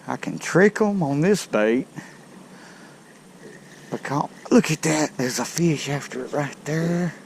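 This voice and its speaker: Gravelly angler, slow drawl, excitable, chatting to viewers from a boat. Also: male voice, on the high side, a little hiss or hum. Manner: excitable, talks straight to viewers. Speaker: fishing vlogger. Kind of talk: casual narration while fishing. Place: outdoors on a boat on a river.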